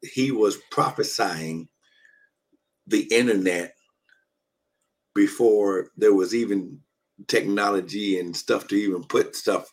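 A man's voice: fairly low pitch, slow, long pauses, low-quality recording. A man pastor preaching over a live stream from a shared hotel room, emphatic and repeating his phrases, calling out to his listeners. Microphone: phone or laptop on a video call.

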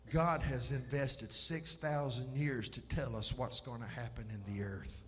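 A man's voice: mid-range voice, steady tone, a little slow, a bit bright. A man preaching a sermon as pastor, emphatic and impassioned, with folksy asides to his congregation. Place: church sanctuary. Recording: live church recording, long reverb, faint noise.

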